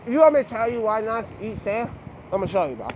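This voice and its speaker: A man's voice: sits high, big pitch swings, quick pace, a little mellow, slight background noise. A young man livestreaming, rambling from one loose thought to the next and acting out the voices of the people in his stories. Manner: rambling, free-associating, acts out quoted voices. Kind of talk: rambling live monologue.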